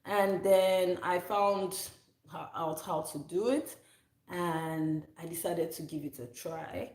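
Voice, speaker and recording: A woman's voice: fairly low pitch, steady tone, slow pace, darkish tone. A woman in her thirties, a soap maker talking casually in a rambling, self-correcting way. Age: 30s. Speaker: soap maker, channel host. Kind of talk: casual chat. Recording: echoey room.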